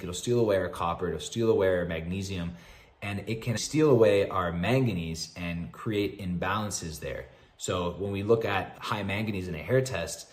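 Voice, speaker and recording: Male practitioner, very low voice, confident and casual, explaining to camera in a roomy space. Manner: confident, informal, matter-of-fact explaining. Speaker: mineral-balancing practitioner. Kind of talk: explanatory health lecture to camera.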